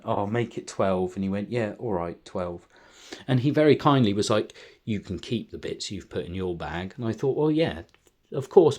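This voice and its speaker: A man's voice: sits low, darkish tone, slight background noise. A young man in a casual show-and-tell vlog, chatting through his car boot finds with lots of ums and uhs. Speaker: car boot haul vlogger.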